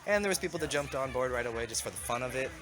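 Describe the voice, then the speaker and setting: Animated and rapid-fire, a mid-range male voice belongs to a vlogger and community founder with a cold. He chats casually while walking through town to a river, rambling and correcting himself over clear outdoor street noise.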